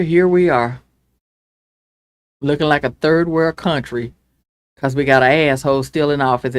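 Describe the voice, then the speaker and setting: A woman hosting her own show, delivering an angry, impassioned political rant that swings from loud outbursts to hushed pleading. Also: very deep voice, no echo. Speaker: show host.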